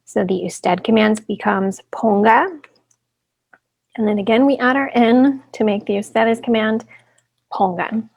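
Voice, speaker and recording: Woman teacher with a gravelly fry. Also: on the high side, steady tone, a little slow, a little mellow. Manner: explains step by step, often checking in with "right?". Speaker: Spanish teacher. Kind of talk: recorded classroom lesson.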